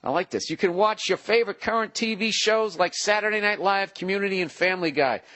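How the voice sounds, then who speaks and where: A man's voice: high-pitched, fairly quick, pushed and bright, no echo. A man hosting a podcast, joking in profane, punch-drunk banter with a friend on tour and reading ads casually. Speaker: podcast host. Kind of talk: casual chat and ad reads. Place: touring on the road.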